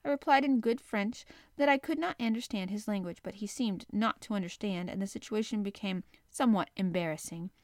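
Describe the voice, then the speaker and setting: A woman narrating a classic adventure novel in a clear, measured reading voice. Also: mid-range voice, no echo, clean studio sound. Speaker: audiobook narrator. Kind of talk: scripted narration.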